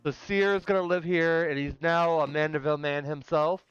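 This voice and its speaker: High-voiced gushing male game streamer. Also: fairly even intonation, moderate pace, a bit bright, smooth. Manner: gushing, emotional, calls viewers darlings and y'all. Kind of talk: casual let's-play commentary. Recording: muffled lo-fi with faint game music.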